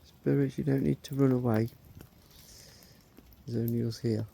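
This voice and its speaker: A middle-aged man on a ghost hunt, calling out slowly and coaxingly to spirits and asking their names. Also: medium pitch, steady tone, creaky, mellow, slightly rough. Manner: slow, coaxing questions to spirits. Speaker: paranormal investigator.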